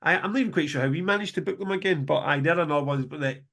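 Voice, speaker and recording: A man co-hosting a podcast, who is also a festival promoter, chats enthusiastically and casually, rambling with many restarts. His voice is on the high side, gravelly and a bit bright, and he speaks very fast.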